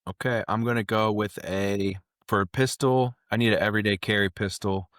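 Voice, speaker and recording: A man's voice: lowish voice, fairly quick, no echo, clean studio sound. A man, a company president telling stories in a casual podcast interview and acting out both sides of conversations. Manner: animated storyteller, acts out both sides of conversations.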